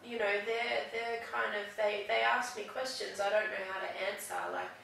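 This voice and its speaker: A woman's voice: medium pitch, fairly even intonation, gravelly, fairly bright tone, slight background noise. Hesitant woman in an echoey room. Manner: hesitant, halting, many restarts. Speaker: client seeking counselling. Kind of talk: counselling session conversation. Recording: echoey room, far from mic.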